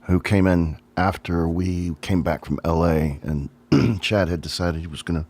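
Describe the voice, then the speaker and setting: A man's voice: low-pitched, a little slow, darkish tone. A middle-aged man, a drummer, casually thinking aloud about his old band on a livestream, with lots of ums. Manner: rambling, reminiscent, thinks aloud with many ums. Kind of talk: casual solo livestream talk.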